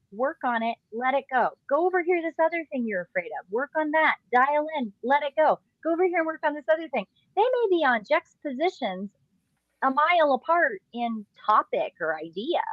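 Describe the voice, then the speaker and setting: A woman's voice: fairly high pitch, dry recording, dull audio. A woman co-hosting a podcast, explaining spiritual practice in a reflective, chatty way. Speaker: podcast co-host. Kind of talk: casual podcast conversation.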